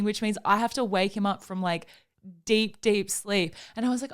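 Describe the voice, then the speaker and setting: A woman's voice: fairly high pitch, brisk, fairly bright tone, clean tone. A young woman, co-hosting a podcast in casual chat, telling stories full of "like" and casual swearing. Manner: chatty storytelling, lots of "like", swears casually. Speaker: podcast co-host.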